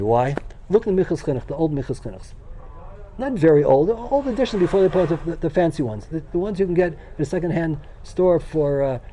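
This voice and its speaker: An older man teaching a Torah class, speaking with excited enthusiasm and frequently restarting and repeating his words. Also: a little high. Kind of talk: Torah lecture.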